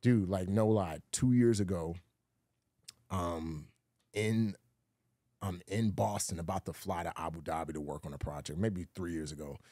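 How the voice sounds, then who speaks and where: A man on an interview show telling a long personal story, animated and full of fillers, acting out the voices of other people. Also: sits low, moderate pace, no room sound, studio quality. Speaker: guest, former Navy SEAL and actor. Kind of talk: casual storytelling conversation.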